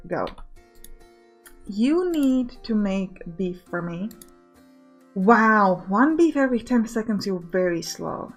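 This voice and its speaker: A woman hosting a let's play, talking casually as she thinks aloud and gives orders to her game workers. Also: fairly high pitch. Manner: chatty, thinking aloud, bossing game units.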